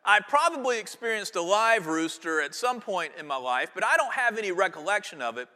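A pastor giving a conversational sermon in church, with casual fillers and restarts. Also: male voice, high voice, big pitch swings, a little fast, sharp tone. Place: church sanctuary. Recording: long church hall reverb.

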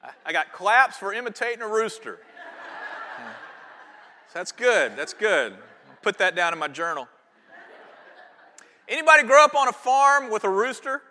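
A pastor giving a conversational sermon in church, with casual fillers and restarts. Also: male voice, high voice, very animated, normal speed, long pauses, sharp tone, a little hiss or hum. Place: church sanctuary. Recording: long church hall reverb.

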